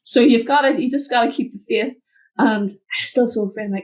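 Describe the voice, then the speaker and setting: A woman mentor, a guest in an interview, telling a personal story from her home office over a video call, acting out the voices in it. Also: fairly quick. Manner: animated, acts out quotes with big pitch jumps.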